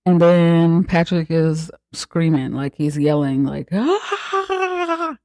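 A podcast host giving a casual, profane, joking recap of a movie, acting out characters' lines in quick asides. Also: mid-range voice, fairly even intonation, dark tone, no room sound.

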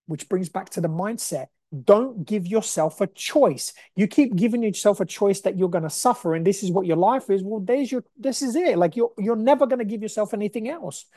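A young man hosting a solo podcast, talking in an emphatic, energetic, motivational way. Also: high voice, brisk, hardly any pauses, no echo, studio quality. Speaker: podcast host.

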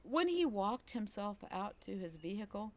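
A woman co-hosting a casual podcast chat, telling a story with lively acted-out quotes and sound effects. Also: mid-range voice, moderate pace, no echo. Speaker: podcast co-host.

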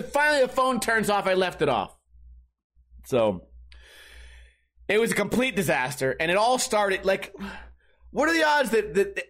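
A young man hosts a podcast in a casual comedic monologue, rambling through stories and swearing freely. His voice sits high and sounds bright and sharp. He shouts when he acts out his own panic. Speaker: podcast host.

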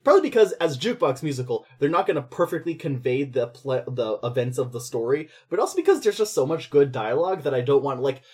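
A man co-hosting a podcast, chatting casually and laughing as he pitches ideas. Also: very animated, fast talker, hardly any pauses, a little mellow, breathy edge. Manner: chatty, laughing, acts out quoted lines. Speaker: podcast co-host.

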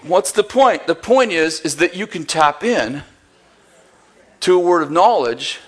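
A man's voice: a little high, lively intonation, a little slow. A man preaching a sermon, telling a story with acted-out dialogue and bursts of laughter. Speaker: pastor.

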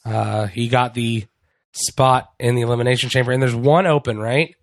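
A man's voice: mid-range voice, fairly even intonation, no echo. Brief: male podcast co-host, casual wrestling recap, swears freely, rambles, dry close mic. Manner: profane, rambling, with quick impressions.

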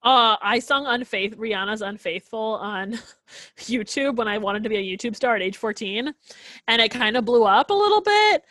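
Bubbly, higher-voiced young woman. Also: lively intonation, a bit bright, dry recording. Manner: bubbly, giggly, quick with filler words. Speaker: podcast guest. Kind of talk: casual interview chat. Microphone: video call. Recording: dry video call audio.

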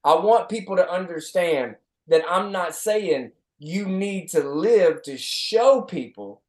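A male podcast co-host giving a motivational talk in an earnest, reflective way, often restarting his sentences. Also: a little high. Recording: roomy echo.

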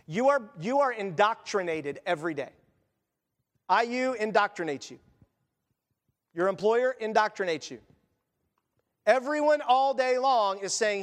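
A man with a high voice preaches a sermon, talking to the congregation like a friend and acting out quotes along the way. His words ring out with a long reverb, as in a large church sanctuary. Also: animated, measured pace, long pauses. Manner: conversational preaching with asides and acted quotes. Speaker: pastor.

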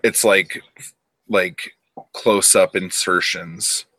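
A man with a very low voice talks through a movie plot in a loose, rambling way, peppering it with swearing and quick impressions of the characters. The sound is dry and close. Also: fairly even intonation, bright, forceful tone, slightly rough, dry recording. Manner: rambling, profane, acts out characters in quotes. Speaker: podcast co-host. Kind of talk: casual movie recap chat.

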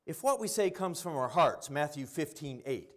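Preaching man with a higher voice. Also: lively intonation, normal speed. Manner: preachy storytelling, swings between quiet and loud. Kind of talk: sermon.

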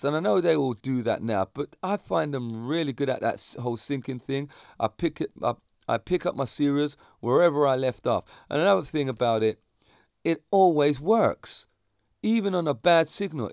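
A man's voice: fairly high pitch, lively intonation, normal speed, creaky, no room sound, studio quality. A man, a fitness instructor giving a chatty, digressive monologue that speaks straight to the viewers. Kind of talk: casual monologue to camera.

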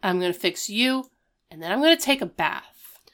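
A woman's voice: mid-range voice, very animated, fairly bright tone. A woman co-hosting a casual chat, recapping scenes in a chatty, playful way. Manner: chatty, quick recaps with playful quoted lines. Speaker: podcast co-host recapping a TV episode.

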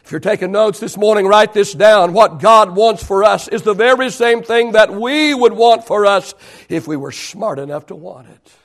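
A man in his fifties preaching a sermon to a church, swinging between loud declarations and hushed whispers. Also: high-pitched, normal speed. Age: 50s. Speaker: pastor.

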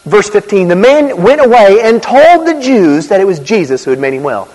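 A man preaching a sermon in a conversational, animated way, with asides and quick laughs. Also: high-pitched. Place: church. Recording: reverberant hall.

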